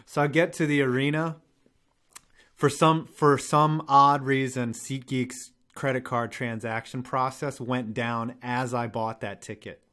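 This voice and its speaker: A man's voice: medium pitch, unhurried. A young man hosting a live show, telling a rambling story in casual, profane chat. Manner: animated, profane, rambling with restarts and laughs.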